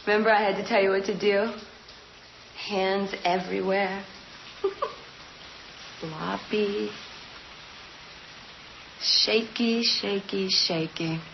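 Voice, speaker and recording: A woman's voice: mid-range voice, fairly even intonation, slow, creaky, pauses often. An actress playing a bitter young woman who cruelly mocks her lover, in a cutting, sneering tone, heard in a film clip. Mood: scornful. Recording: dull lo-fi film clip with hiss.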